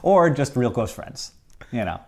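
A man's voice: medium pitch, big pitch swings, measured pace. A man co-hosting a podcast in casual chat, playful, laughing often and restarting his sentences. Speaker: podcast co-host.

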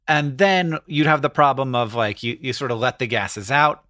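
A man co-hosting a podcast, explaining ideas casually and thinking out loud with frequent restarts. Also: mid-range voice, normal speed. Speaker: podcast co-host.

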